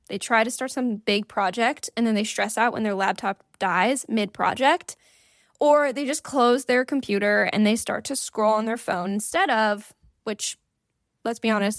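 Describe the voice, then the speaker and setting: A young woman hosting her own podcast in casual chat, playful, with sing-song rises and quick asides. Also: fairly high pitch, dry recording, studio quality. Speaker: podcast host.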